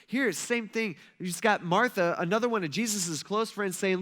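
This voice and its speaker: A male pastor preaches in a relaxed, conversational way, slipping into acted-out quotes as he tells a story. His voice sits a bit high and has a bright, forceful edge. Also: a little fast. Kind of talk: conversational sermon.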